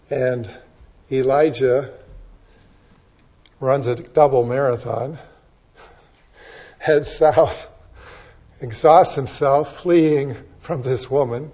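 A male preacher giving a sermon in an animated, emphatic storytelling manner, on a dull lo-fi recording. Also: medium pitch, drawn-out words, pauses often. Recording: dull lo-fi sound.

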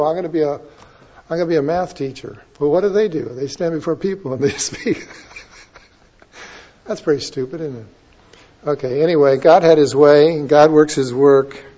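Male preacher, higher voice, big swings from hushed to emphatic, muffled lo-fi tape. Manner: dynamic, swinging between soft asides and loud emphatic drawn-out lines. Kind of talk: sermon. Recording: dull lo-fi sermon recording.

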